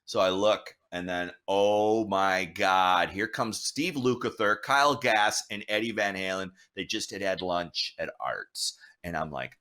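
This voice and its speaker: A middle-aged man, a guest artist, telling a story casually, animated and swearing, acting out the voices of people he met. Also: sits low, unhurried. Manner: animated, swearing, acts out dialogue.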